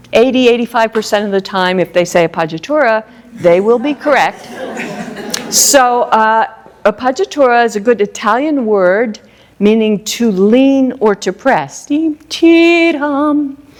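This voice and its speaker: Woman teaching a music masterclass. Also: mid-range voice. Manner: explanatory, sings little phrases, asks the class questions. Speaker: flute teacher. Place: music store event space.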